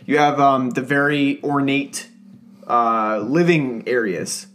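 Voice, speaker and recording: A man's voice: mid-range voice, takes it slowly, a bit bright, a little hiss or hum. Hesitant man talking about films. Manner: hesitant, many ums and uhs. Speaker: podcast co-host. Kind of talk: casual film discussion podcast.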